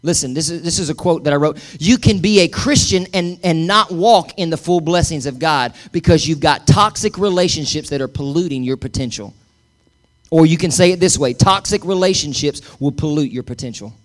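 A man's voice: a little high, a little fast. A middle-aged male pastor preaching a sermon, emphatic and calling on the congregation to repeat after him. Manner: emphatic, calls for congregation responses.

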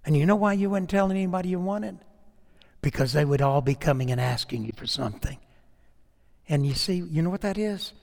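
A man preaches a sermon in a slightly raised voice, dropping to hushed asides before climbing to loud, emphatic peaks. His voice trails off into a long reverb, as in a large hall. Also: on the high side, expressive, brisk, creaky. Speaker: pastor.

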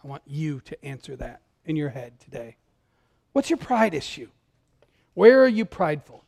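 A man, a pastor, giving a sermon in a conversational style, talking straight to the congregation and swinging from loud emphatic calls to hushed, tender lines. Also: on the high side, sing-song, normal speed, vocal fry. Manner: conversational, direct address to congregation.

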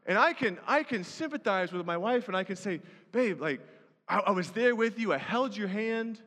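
A man with a notably high voice preaching an earnest sermon. His lines ring out in a long hall reverb, often climbing into emphatic repeated phrases. He sounds like a pastor addressing his congregation from the pulpit. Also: lively intonation, moderate pace, bright, forceful tone. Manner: earnest, rising to emphatic repetition.

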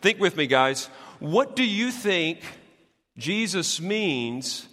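A man preaching a sermon as a pastor, animated and swinging between loud and hushed, with jokey asides. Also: sits high, slow pace, in a large hall.

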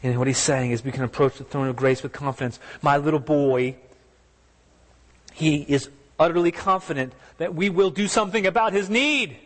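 Man, pastor, high-pitched, earnest conversational sermon, rhetorical questions, long hall reverb. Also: normal speed.

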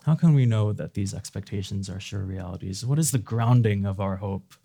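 A man's voice: fairly low pitch, moderate pace, vocal fry, mellow, slightly rough. A man preaching a sermon in an earnest way, now and then rising to fervent emphasis.

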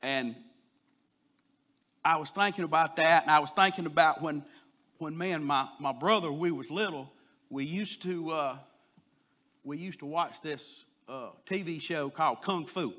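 A man delivers a sermon in a folksy, storytelling manner. His voice sits a little high and rings bright and forceful. He swells louder whenever he drives a point home. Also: a little slow, pauses often. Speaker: preacher.

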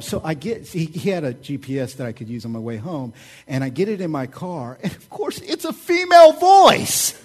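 A middle-aged man preaching a sermon, telling stories in a casual, joking and animated way. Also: medium pitch, a little fast. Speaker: pastor.

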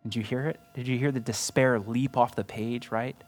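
A man's voice: mid-range voice, steady tone, normal speed, a little mellow, faint music behind. Earnest male pastor preaching, conversational. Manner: earnest and conversational, often asks the listener "right?". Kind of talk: sermon.

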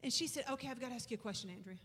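A woman's voice: fairly high pitch, racing, fairly bright tone, slight background noise. A woman preaching a sermon and telling a missionary story in a folksy, conversational way, drawing out words for emphasis. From Arkansas. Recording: reverberant church hall.

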